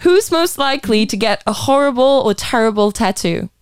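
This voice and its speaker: A woman leading a loose podcast chat among friends. Her fairly high voice bounces around a lot, playful and full of quick laughs. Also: expressive, smooth, no room sound. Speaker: podcast co-host asking questions. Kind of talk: casual group chat.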